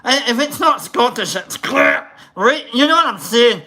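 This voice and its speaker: A livestream host giving casual, rambling shout-outs to viewers, joking around. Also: medium pitch, expressive, normal speed. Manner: jokey, rambling, tries silly voices.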